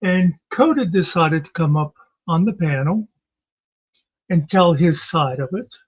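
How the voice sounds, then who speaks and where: A man's voice: on the high side, animated, a little slow, breathy edge, lo-fi sound. A man hosting his own commentary channel, recounting an online argument in a rambling, sarcastic, off-camera chat with some profanity. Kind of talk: casual recap commentary. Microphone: home mic, off camera.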